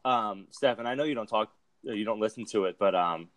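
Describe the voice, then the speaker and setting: Low-voiced casual male podcaster. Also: a little fast, no echo. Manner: laid-back, swears freely, loose rambling delivery. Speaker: podcast co-host. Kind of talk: casual chat.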